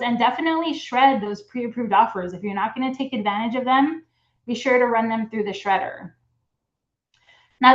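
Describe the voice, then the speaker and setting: Higher-voiced woman presenting in an echoey room. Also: highs cut off. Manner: informative, practical, with frequent ums and uhs. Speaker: credit union presenter. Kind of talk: educational webinar presentation.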